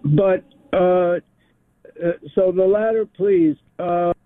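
A man's voice: high voice, slow, no echo. A man in his seventies calling into a radio show, speaking hesitantly with many fillers. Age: 70s. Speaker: caller. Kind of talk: phoned-in call to radio show. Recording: tinny phone line.

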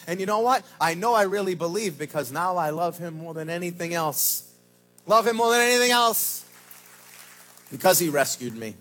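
A man pastor preaching a sermon at a church service, swinging from shouted lines to low, slow emphasis. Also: lively intonation, soft background music.

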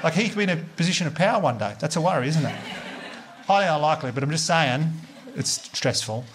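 A man doing stand-up comedy, telling sweary, animated stories and slipping into voices for the people in them. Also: fairly high pitch, fast. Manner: animated, sweary storytelling with put-on quoted voices.

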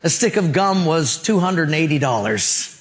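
Preacher guy, a bit high voiced, jokes and stories, punchy and emphatic. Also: expressive, moderate pace. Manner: humorous storytelling, emphatic, rhetorical questions. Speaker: pastor. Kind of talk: sermon.

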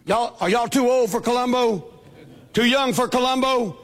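A man preaching a sermon, with a shouting preacher's cadence, acting out the voices he quotes. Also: very high voice, moderate pace. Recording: long hall reverb.

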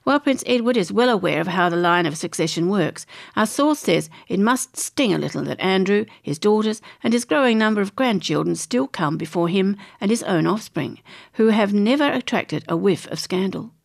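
Australian woman, gravelly fry, reads celebrity news aloud and chimes in chattily. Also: mid-range voice, lively intonation, moderate pace. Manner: chatty, chimes in with her own opinions between read passages. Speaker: presenter reading entertainment news. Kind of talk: reading magazine articles aloud with casual asides.

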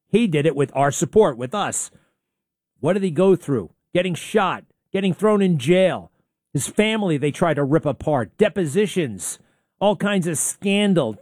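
A man's voice: on the high side, darkish tone, no room sound, clean studio sound. A man hosting a talk radio show, ranting in a fired-up way with many rhetorical questions. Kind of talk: heated talk radio monologue.

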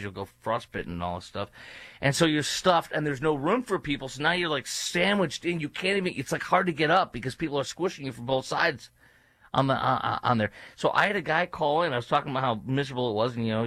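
A man's voice: mid-range voice, a bit bright, no echo. A male talk show host giving opinionated commentary in a sarcastic, mocking manner, with rambling asides.

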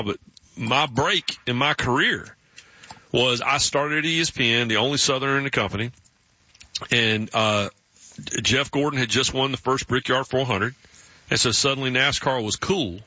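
Bright-voiced Southern American man host. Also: mid-range voice, a little fast, dry recording, highs cut off. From South Carolina, US. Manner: storytelling, laughs often. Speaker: sports radio host. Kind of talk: casual radio chat.

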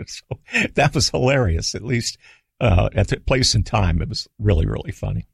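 An older man, a guest on a radio talk show, telling stories in a relaxed, rambling way with fillers and restarts. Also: on the low side, moderate pace, gravelly, slightly rough, dry recording. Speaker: guest, radio executive and author. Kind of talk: relaxed storytelling. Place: studio.

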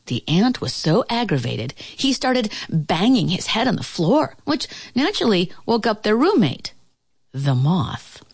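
Slow, expressive woman storyteller. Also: low-pitched, slightly rough, no room sound. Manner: unhurried, expressive storybook telling. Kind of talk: reading a children's story aloud.

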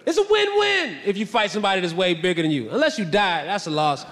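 Young male stand-up comic, lively and high-voiced, shouty punchlines, live club with long reverb. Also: fast. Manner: animated, shouty punchlines, then low asides. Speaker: stand-up comedian. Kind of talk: stand-up set.

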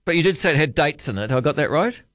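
A man hosting a talkback radio show, teasing and probing his caller with quick questions and frequent interruptions. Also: on the high side, expressive, a bit bright, no room sound, studio quality. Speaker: talk radio host.

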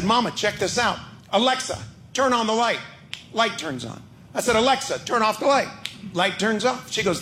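A man telling a stand-up story, getting more and more exasperated until he is laughing and shouting. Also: high-pitched, a little hiss or hum. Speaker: stand-up comedian.

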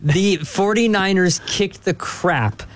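A man's voice: sits high, slow pace. A man co-hosting a sports radio show, blunt and emphatic, hammering his points home by repeating them. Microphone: studio microphone.

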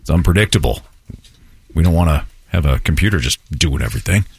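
Gravelly, husky man chatting. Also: very deep voice, expressive, quick pace, no echo, clean studio sound. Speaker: podcast co-host. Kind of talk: casual chat.

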